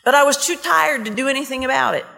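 A woman preacher telling a story in a sermon, animated and dramatic. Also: sits high, quick pace, creaky, in a large hall.

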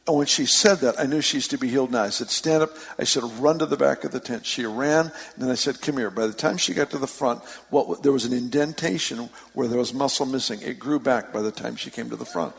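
A man preaching a sermon, telling stories with lively emphasis and easy laughs. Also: medium pitch, a little fast, creaky, few pauses. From San Francisco Bay Area. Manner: storytelling, animated with laughs and rising emphasis. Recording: long hall reverb.

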